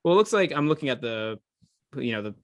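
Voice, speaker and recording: A man's voice: mid-range voice, big pitch swings, quick pace, dry recording. A young man co-hosting a casual hockey podcast, joking and answering with short replies. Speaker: podcast co-host. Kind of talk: casual sports chat.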